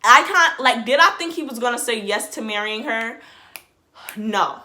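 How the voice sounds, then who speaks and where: A woman's voice: fairly high pitch, expressive, normal speed, sharp tone. A woman vlogger giving a casual reaction commentary. She talks in a rambling, chatty way, says "like" in almost every phrase and often restarts her sentences.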